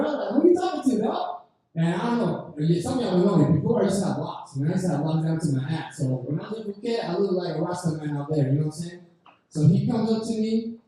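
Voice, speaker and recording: A man's voice: high-pitched, mellow. A young man doing a rambling, profane stand-up story at an open mic, heard from a distant camera in a lounge. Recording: very echoey room from far off.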